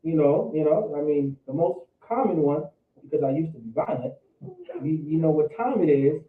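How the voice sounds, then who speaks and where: A man with a somewhat high voice preaches a Bible lesson in loose slang, stumbling and repeating words. He sounds far from the mic in a roomy, echoing space. The audio is thin and phone-like. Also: lively intonation, moderate pace. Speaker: Bible class teacher. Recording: echoey room, distant phone-like mic.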